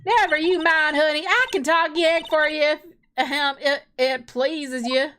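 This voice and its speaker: A woman's voice: sits high, fairly even intonation, measured pace, bright, forceful tone, a little hiss or hum, voice pushed up. Woman doing Lotta Hart, a brash Southern drawl. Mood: friendly. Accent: Southern US, put on. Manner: drawling, folksy, scolding. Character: brash loud Southern woman photographer, feisty. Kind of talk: reading game dialogue aloud. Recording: game music playing behind.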